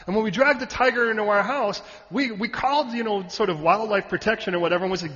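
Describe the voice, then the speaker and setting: A man preaching a sermon in an animated way, often asking his audience questions. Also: sits high, quick pace, few pauses. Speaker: pastor. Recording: reverberant hall, dull sound.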